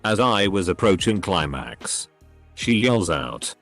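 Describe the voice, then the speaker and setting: A computer-generated male voice reads story posts aloud, set a little low and moving through lots of pitch. It spells out censored words letter by letter in a scripted narration, with soft music faintly underneath. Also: sing-song, takes it slowly, creaky. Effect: text-to-speech voice. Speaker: narrator reading online posts. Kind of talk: scripted text-to-speech narration.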